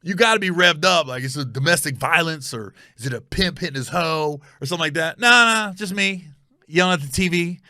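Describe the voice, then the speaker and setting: A man hosting a comedy podcast, telling a funny story with animated energy and loud reenactments. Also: brisk, dry recording, clean studio sound. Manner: animated storyteller, bursts into high shouted yelling when reenacting.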